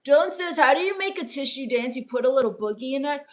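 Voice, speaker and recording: With a voice that sits high and a quick pace, a woman performs as a scornful, sullen goth vampire teen for a comedy stream. She reads the chat and shoots back dry, sarcastic insults.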